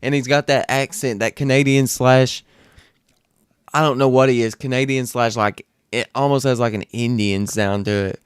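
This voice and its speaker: A man's voice: mid-range voice, steady tone, moderate pace, clean tone, no room sound, clean studio sound. A young man streaming, rambling casually and swearing as he reacts to clips. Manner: rambling and profane, many restarts.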